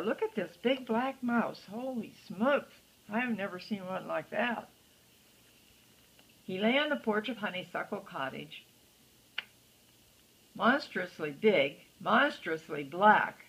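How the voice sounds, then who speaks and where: Gentle grandma, husky, reading a bedtime picture book. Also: female voice, medium pitch, rough recording. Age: older. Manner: gentle, chatty asides to the child. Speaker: storyteller grandmother.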